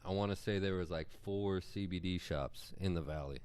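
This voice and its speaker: Male guest, very deep smooth voice, easygoing and plain-spoken. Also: moderate pace, a little mellow. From United States. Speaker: guest, CBD shop owner. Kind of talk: casual interview.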